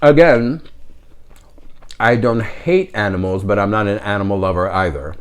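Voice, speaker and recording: A man telling a story in a casual, wry way, with sarcastic, deadpan asides. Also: lowish voice, normal speed. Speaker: vlogger.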